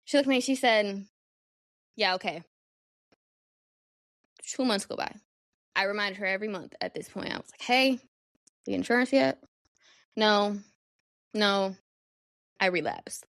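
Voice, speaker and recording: A woman's voice: mid-range voice, animated, normal speed, pauses often, fairly bright tone, no room sound. A young woman hosting a solo podcast, talking candidly and animatedly, swearing freely. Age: young adult. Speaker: podcast host. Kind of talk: casual solo podcast talk.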